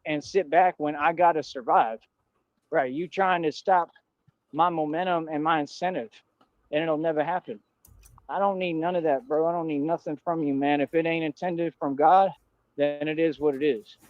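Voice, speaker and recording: A man's voice: a little high, no room sound. Defiant man ranting on a lo-fi stream. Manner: defiant, repetitive, street slang. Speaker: livestreamer. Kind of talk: ranting livestream monologue.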